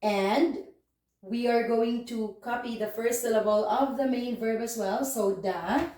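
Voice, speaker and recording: Mellow woman teacher in an echoey room. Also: on the high side, fairly even intonation. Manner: patient step-by-step explaining, repeats words slowly. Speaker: language teacher. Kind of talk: online language lesson.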